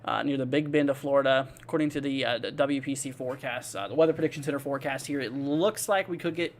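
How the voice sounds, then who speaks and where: A fast-talking man with a medium-pitched voice hosts a live weather stream. It's rambling, filler-packed chat as he reads out viewer comments and replies to each by name, friendly and relaxed.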